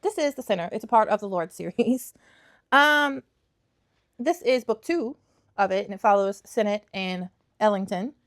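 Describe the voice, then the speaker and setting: In a laid-back vlog, a young book reviewer talks about the titles she covers at a normal speed and medium pitch. Her manner is sassy and insistent, and she often says lines twice to drive them home.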